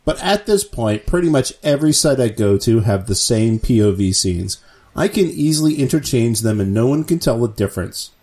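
Mid-pitched man stammering on a podcast. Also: expressive, normal speed, mellow. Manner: stammering restarts, reading posts aloud. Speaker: podcast co-host reading reddit posts aloud. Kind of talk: comedic podcast banter.

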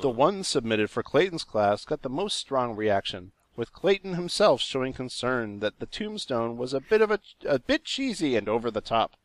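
A man hosting a comedy podcast, reading a long text aloud, correcting himself and pausing for asides. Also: mid-range voice, very animated, dry recording. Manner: reads steadily, breaks off to laugh and correct himself.

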